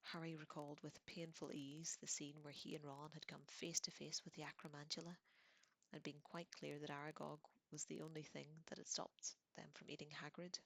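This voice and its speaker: Woman reading in a low whisper, whispered role-play. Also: level tone, gravelly. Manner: soft unvoiced whisper, slow and gentle. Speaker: audiobook reader.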